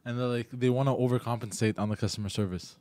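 A man jumps in fast with short reactions and half-formed theories during a casual podcast chat. His voice is mid-pitched and the recording is dry, with no room sound. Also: fairly even intonation, darkish tone, no echo. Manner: quick, chiming in with short interjections and theories.

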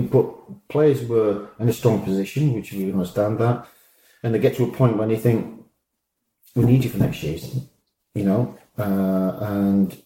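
A former football manager spins stories in a mellow, lowish voice, laughing now and then. He acts out the dialogue of the people in his anecdotes. The recording has a roomy echo. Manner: animated storyteller, acts out quoted dialogue, laughs often. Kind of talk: anecdotal interview storytelling.

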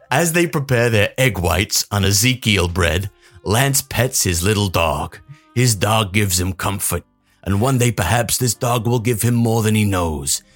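A man voicing a pompous older billionaire as a Canadian mob boss, slow and menacing, in a comic monologue over faint music. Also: lowish voice, a bit bright. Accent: Canadian, put on.

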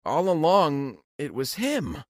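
Lively male storyteller, dry close sound. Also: on the high side, takes it slowly, no echo. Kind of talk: first-person story narration.

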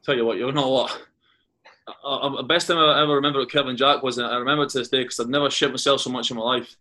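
Speaking fast with a bright, forceful tone, this Scottish man from Carnoustie keeps a medium pitch and fairly even intonation. A former footballer and podcast guest, he rambles through casual anecdotes, often restarting and repeating words.

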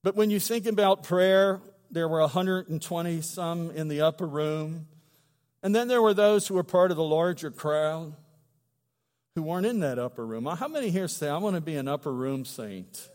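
Middle-aged male pastor, higher voice, chatty joking sermon in a church with long reverb. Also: moderate pace, darkish tone. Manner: conversational and humorous, with emphatic swells. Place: church sanctuary.

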